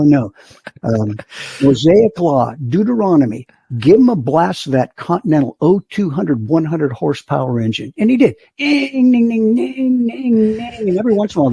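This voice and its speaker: A man's voice: on the high side, vocal fry, breathy edge, dry recording. An older man, a flight instructor, telling stories as a podcast guest and acting out the voices of the people in them. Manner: animated storyteller, acts out the voices of others. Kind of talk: storytelling in a podcast interview.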